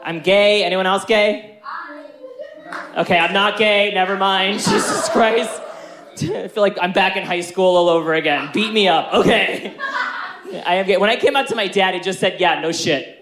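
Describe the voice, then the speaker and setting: A man performing a stand-up comedy set, telling brash, animated stories and laughing often. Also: sits high, moderate pace, echoey room, background noise.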